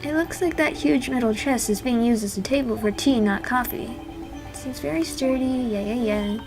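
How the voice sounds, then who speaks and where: High-voiced woman reading a game aloud. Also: moderate pace, rough recording. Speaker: gaming channel host. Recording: game music behind.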